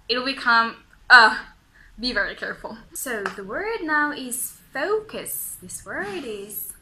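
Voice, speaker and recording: A young woman from Tunisia teaching English pronunciation in a playful way, sounding out words slowly and carefully. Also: mid-range voice, lively intonation, sharp tone, a little hiss or hum, rough recording. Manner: playful, slow and carefully enunciated. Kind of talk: video pronunciation lesson.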